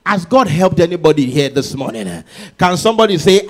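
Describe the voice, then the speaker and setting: A man preaching a sermon who swings between sung-out, shouted exclamations and low, conversational asides, often repeating words and restarting phrases. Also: big pitch swings, fairly quick.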